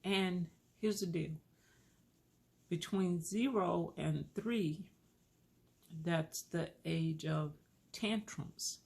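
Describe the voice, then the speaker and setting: A woman calmly telling a personal parenting story in a relaxed, unhurried way. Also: lowish voice. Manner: slow, calm, gravelly storytelling.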